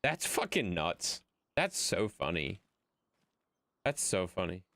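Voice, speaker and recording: Lively low-voiced male streamer. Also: slow, dry recording. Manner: rambling, profane, chatty. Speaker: game streamer. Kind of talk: casual livestream chat.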